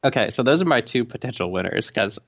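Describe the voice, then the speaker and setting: A young man co-hosting a casual chat, talking haltingly with many fillers and restarts. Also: medium pitch, lively intonation, fairly bright tone. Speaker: co-host. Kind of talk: casual chat about reality TV. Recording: dull lo-fi home recording.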